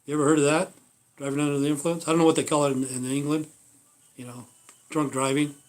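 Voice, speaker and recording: A man in his fifties from the United States rambles through a casual livestream monologue, blunt and foul-mouthed. His voice sits a little high for a man, and sentences often fade into a mumbled "you know". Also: level tone, fast. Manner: blunt, swears constantly, trails off with "you know". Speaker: livestream host.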